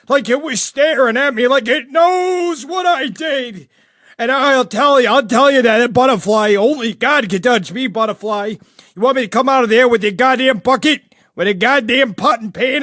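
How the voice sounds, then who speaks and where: A man doing a high, rambling jailbird. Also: fairly bright tone, dry recording, studio quality. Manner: rambling, gossipy, sudden outbursts. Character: rambling jailed older male killer, pious, petty. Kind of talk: comedic character monologue.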